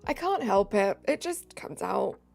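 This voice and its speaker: A tired British woman chatting casually on a live stream, giggly, reading chat aloud and dropping into soft asides. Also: medium pitch, sing-song, a little slow, creaky.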